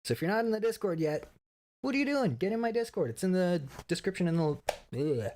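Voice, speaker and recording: A man's voice: sits high, very animated, a little fast, a little mellow, slight background noise. Swearing, laughing male streamer. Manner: profane, laughing, rambling. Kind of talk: casual stream update.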